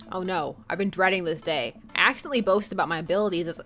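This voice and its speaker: A woman's voice: fairly low pitch, expressive, very fast, few pauses, fairly bright tone, faint music behind. A young woman streaming a dating game, reading it aloud and chatting playfully with her viewers, laughing often.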